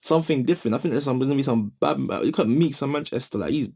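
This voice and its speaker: A young man co-hosting a studio podcast, chatting casually in a slangy, rambling way with quick restarts. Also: medium pitch, darkish tone, slightly rough. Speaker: podcast co-host. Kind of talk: casual chat.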